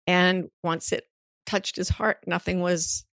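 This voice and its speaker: A woman in her sixties, a guest on an interview podcast, telling stories in a lively, playful way and swearing freely. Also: on the low side, takes it slowly, creaky, no room sound, clean studio sound. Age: 60s. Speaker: guest author.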